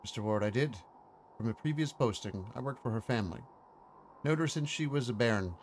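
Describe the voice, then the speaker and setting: A man's voice: medium pitch, expressive, brisk, slight background noise, lightly acted. A man voicing a loyal, protective older manor servant with a Scottish accent, using dialect words and old-fashioned grammar. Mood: earnest.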